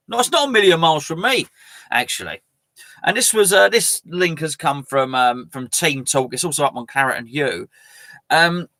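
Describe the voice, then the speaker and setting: Chatty man, bright dry voice. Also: on the high side, no room sound. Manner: chatty, rambling, self-mocking. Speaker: fan channel host. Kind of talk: casual live-stream chat.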